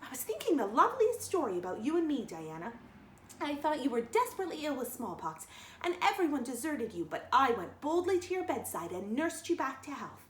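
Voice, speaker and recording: A woman's voice: high voice, big pitch swings, a little fast, slight background noise. A woman voicing a dreamy, dramatic young girl who chatters theatrically. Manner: breathless, theatrical storytelling. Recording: roomy echo.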